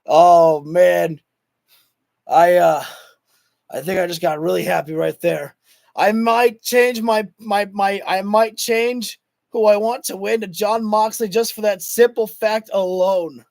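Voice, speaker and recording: A man hosting a wrestling livestream who talks casually to his chat, rambling and excitable with lots of fillers, and is losing his voice. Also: sits high, measured pace, creaky, dry recording. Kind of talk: casual live commentary to chat.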